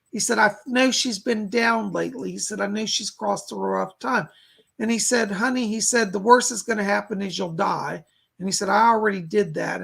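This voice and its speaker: A man with a deeply gravelly, husky voice hosts a live psychic reading stream. He talks his listeners through a calm visualization. He passes on messages from the other side in a chatty way, full of "he said" and "she said.". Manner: relays spirit messages with constant "he said" asides. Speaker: psychic medium.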